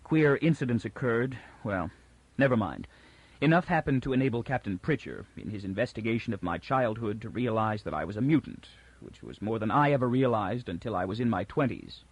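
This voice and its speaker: A man voicing a calm, controlled mutant villain who speaks tolerantly and with quiet menace. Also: on the low side, brisk, breathy edge, no room sound, dull audio. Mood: calm commanding.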